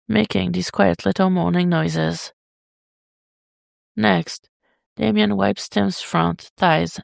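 A woman reading fiction aloud as a podfic, in a steady, unhurried way. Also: on the low side, creaky, no room sound, clean studio sound. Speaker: podfic reader. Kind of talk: slow fiction narration.

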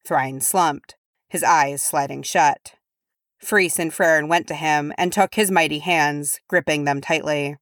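A woman reading fan fiction aloud with steady, even narration. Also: low voice, unhurried, no echo, studio quality. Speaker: audiobook reader.

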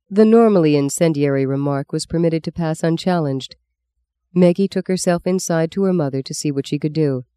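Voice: medium pitch, a little fast, dark tone, clear, resonant tone, no echo. Audiobook narrator, literary read, dry close mic.

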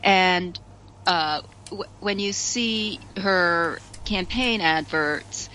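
A woman's voice: on the low side, drawn-out words, bright, forceful tone, a little hiss or hum, rough recording. A woman talking as a guest commentator on a radio show, chatty, with frequent restarts and laughter. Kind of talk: casual radio discussion.

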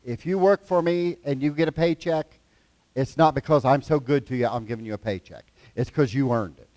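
A man's voice: mid-range voice, a little fast, a little mellow, dry recording. A man preaching a conversational sermon in a folksy, plain-spoken way, mixing scripture readings with everyday examples.

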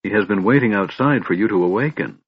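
A man reading a calm, soft-spoken young woman. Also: on the low side, quick pace, husky, dry recording. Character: pale quiet young woman, calm guide. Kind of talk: audiobook reading. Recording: dull dry recording.

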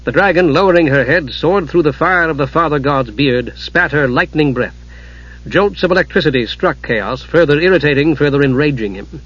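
A man narrating a fantasy audiobook in a steady, dramatic reading, on a dull lo-fi recording. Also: on the high side, moderate pace, husky.

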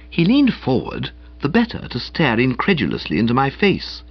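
Brief: male audiobook narrator, husky, very lively pitch, dry slightly dull studio sound. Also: moderate pace, few pauses, no room sound. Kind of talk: first-person audiobook narration.

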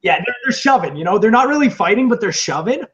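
A man co-hosting a podcast, chatting casually in a rambling, profane way and acting out loud shouted quotes. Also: high voice, expressive, quick pace, highs cut off. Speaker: podcast co-host. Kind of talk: casual comedic chat. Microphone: on camera, seated.

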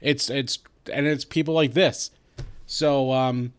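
A man's voice: mid-range voice, fairly even intonation, moderate pace. A man co-hosting a podcast, talking bluntly and angrily, with frequent swearing. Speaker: podcast co-host. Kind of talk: heated podcast discussion.

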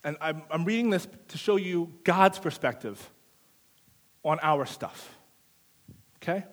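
A man's voice: fairly high pitch, unhurried. A man preaching a live sermon in a church service, emphatic, repeating phrases for stress.

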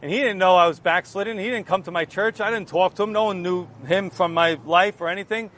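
A man with a noticeably high voice shares his personal testimony. He tells it with earnest, animated energy, slipping into the voices of the people in his story as he goes. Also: brisk. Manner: earnest, animated retelling that acts out remembered exchanges. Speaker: Christian giving a testimony.

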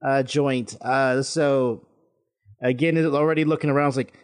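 A man co-hosting a podcast in casual chat about a manga chapter, talking in a laid-back, halting way with many restarts. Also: mid-range voice, steady tone. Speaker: podcast co-host.

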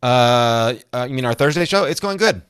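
A man's voice: medium pitch, expressive, moderate pace, a bit bright, clear, resonant tone, no echo. Chatty laughing man, dry close sound. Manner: chatty, laughs often, rambling asides. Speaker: podcast guest, comedy songwriter. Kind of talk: casual interview chat.

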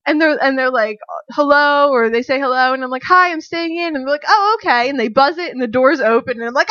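A woman guest on a podcast chatting casually and telling a story, animated and giggly, acting out what people said. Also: fast, hardly any pauses, dull audio. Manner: animated, giggly, acts out quotes in a high voice.

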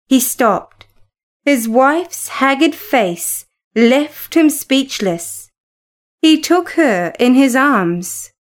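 A woman reading a novel aloud in a measured, expressive narration. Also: a little high. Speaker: audiobook narrator. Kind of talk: scripted narration.

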